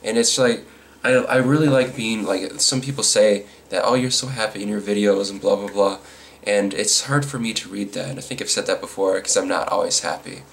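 A man giving casual, rambling commentary on news stories, irritated and quick to chuckle. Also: fairly low pitch, creaky.

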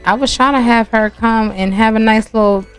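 A woman's voice: a little high, steady tone, moderate pace, faint music behind, natural voice. A woman voicing a blunt, scolding teenage brother in a life-sim game story. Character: teen brother, older sibling, scolding but caring.

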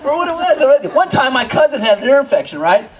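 A man performing a stand-up comedy set, telling stories with animated voices for his family and laughing at his own jokes. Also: extremely high pitch, fast, rough recording. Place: comedy benefit show before a live audience. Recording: live show with crowd laughter. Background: audience laughter.

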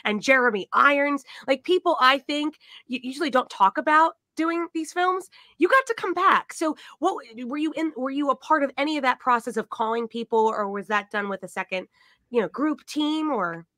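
A talk show host, a woman with a fairly high, bright voice, gushes through her questions with eager restarts. The sound is dry and close. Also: normal speed, no room sound. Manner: enthusiastic, effusive, stumbling restarts. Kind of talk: casual interview.

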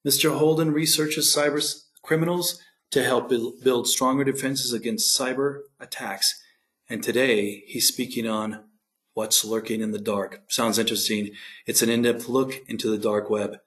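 A man's voice: medium pitch, steady tone, moderate pace, fairly bright tone. Man in his 50s, formal host. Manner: formal, read-out introduction. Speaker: event host. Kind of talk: speaker introduction.

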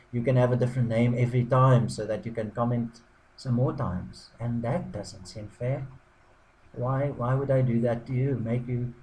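Guy doing a dry sarcastic fake apology, stops and restarts a lot, middle pitch. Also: poor audio. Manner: deadpan irony, halting with many ums and restarts. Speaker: blogger. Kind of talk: sarcastic mock apology to camera.

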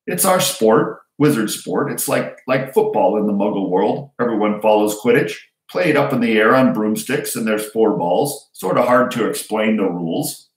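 A man's voice: fairly low pitch, lively intonation, moderate pace, hardly any pauses, natural voice. A man voicing a big, kindly, folksy giant groundskeeper. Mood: bluff. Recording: roomy echo.

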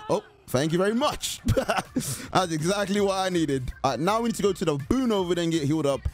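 Brief: young male streamer, animated play-by-play, bit higher voice, faint game music behind. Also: fairly quick. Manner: excitable, talks to teammates and the killer. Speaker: gaming YouTuber. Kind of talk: live gameplay commentary.

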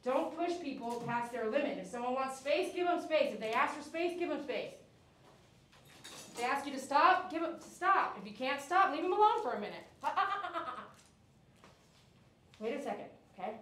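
A woman's voice: sits high, expressive, normal speed, fairly bright tone, distant mic. A woman grooming a dog on a live stream, cooing praise and giving firm commands to the dog. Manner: soothing dog talk mixed with firm commands. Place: grooming salon. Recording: echoey room, mic set back.

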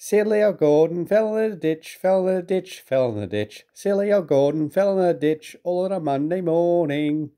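Cheeky little boys from a storybook, jeering in a high, bouncing sing-song, put on by a man reading aloud. The voice jumps up well above a grown man's usual pitch. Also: huge pitch swings, unhurried, few pauses, warm tone, slightly rough, heavily acted. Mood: teasing.

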